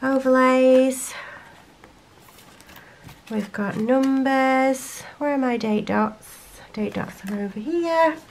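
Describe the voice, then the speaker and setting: Girl chatting away to camera, bit higher voice, talks through what she's doing. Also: slow, a little mellow. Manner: chatty, thinks aloud while sorting stickers. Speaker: planner sticker vlogger. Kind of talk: casual chat to camera.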